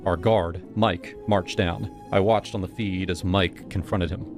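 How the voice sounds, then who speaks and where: Low-voiced male storyteller over music. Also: fairly even intonation, a little slow. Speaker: narrator. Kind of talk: scripted first-person horror narration.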